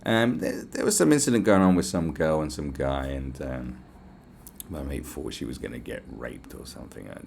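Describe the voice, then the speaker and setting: A young English podcast host with a rumbling low, creaky, husky voice speaks at normal speed. He tells stories in an animated, swearing rant, acting out quotes in raised voices.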